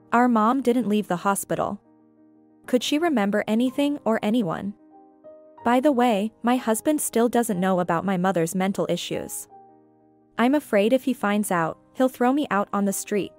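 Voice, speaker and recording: A woman's voice: on the high side, close to an everyday voice. A woman reading the lines of a blunt, pushy younger sister in a curt, demanding way.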